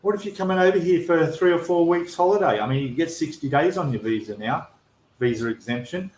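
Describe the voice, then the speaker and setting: A man's voice: on the high side, animated, quick pace, a little mellow, slight background noise. An Australian man hosting a live stream Q&A, talking in an exasperated, emphatic way with frequent restarts. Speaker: channel host. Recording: roomy echo.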